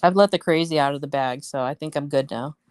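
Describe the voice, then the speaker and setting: A woman's voice: deep voice, fast, a little mellow, no echo. Blunt, foul-mouthed woman live-streaming. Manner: blunt, swears freely, venting; chatty storyteller, talks to viewers. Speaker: livestream host. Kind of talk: casual live-stream chat.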